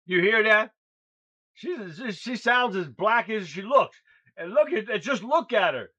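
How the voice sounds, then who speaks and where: A man's voice: high-pitched, lively intonation, unhurried, bright, forceful tone, husky. A man hosting a political livestream, talking in a blunt, crude, rambling way. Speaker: host. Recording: dull lo-fi sound.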